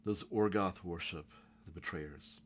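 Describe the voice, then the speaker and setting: A man voicing a stern ruling official who speaks in measured, formal commands. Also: low-pitched, a little hiss or hum.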